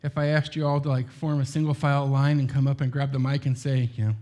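A man's voice: mid-range voice, little pitch movement, quick pace, dark tone. A middle-aged man preaching a sermon in a loose, conversational way, full of asides and rhetorical questions.

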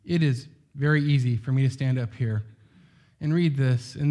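A man's voice: mid-range voice, normal speed, dark tone. A middle-aged man preaching a sermon in a loose, conversational way, full of asides and rhetorical questions.

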